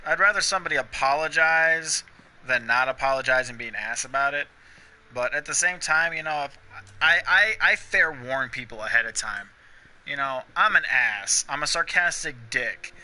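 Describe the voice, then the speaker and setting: Young man, gaming chat, blunt, swears a lot, very sharp tone. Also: mid-range voice, animated, normal speed. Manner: blunt, opinionated, swears freely; frequent bursts of laughter. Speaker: gaming streamer. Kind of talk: casual chat while gaming.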